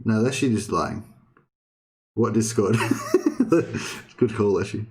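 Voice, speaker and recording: A man's voice: lowish voice, moderate pace, a little mellow. A young man streaming, chatting casually with his viewers in a rambling way, often restarting sentences and swearing. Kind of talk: casual livestream chat.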